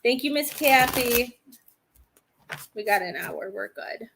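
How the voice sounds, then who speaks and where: A woman's voice: fairly high pitch, lively intonation, slow, creaky, noisy background. A woman hosting a live-stream psychic reading, hesitant and thinking aloud as she speaks to viewers by name. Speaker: psychic medium host.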